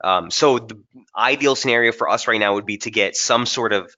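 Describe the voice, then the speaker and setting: Casual male webinar presenter, low and forceful voice, muffled stream audio, thinks aloud. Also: a little fast. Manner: casual, thinking aloud with frequent fillers and restarts. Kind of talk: live chart analysis webinar.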